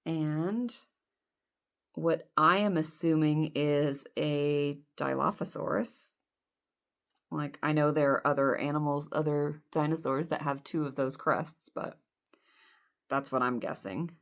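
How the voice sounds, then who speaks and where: A low-pitched woman in her forties talks through a doll-clothes unboxing. She rambles into chatty, self-deprecating asides as she holds up each piece. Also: fairly even intonation, slow. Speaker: doll collector vlogger. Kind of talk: casual unboxing chat.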